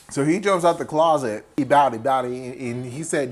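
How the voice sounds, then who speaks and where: A tipsy man retelling a horror film as a comedy recap, animated and profane, jumping into quick impressions of the characters. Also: mid-range voice. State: tipsy from wine. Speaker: host.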